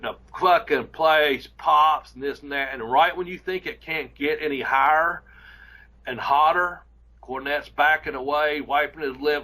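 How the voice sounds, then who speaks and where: A man's voice: mid-range voice, sharp tone, rough recording. A man hosting a talk show, telling a long story in a casual, profane, rambling way. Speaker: podcast host and former wrestler.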